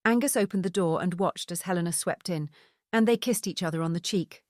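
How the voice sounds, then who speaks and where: A woman reading an audiobook novel in a steady, even narration. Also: on the low side, brisk, no echo, studio quality.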